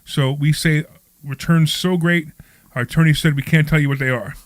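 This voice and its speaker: A man's voice: a little high, steady tone, moderate pace, no room sound. A man hosting a live radio talk show from a studio, reading an upbeat intro and then chatting loosely with his co-hosts. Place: studio at a training office.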